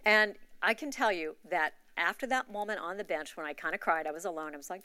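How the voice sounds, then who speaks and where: A woman's voice: on the low side, brisk, few pauses, bright, forceful tone, no echo. A woman giving a candid, confessional personal testimony to her church in a conversational way. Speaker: church member sharing a testimony. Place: church gathering.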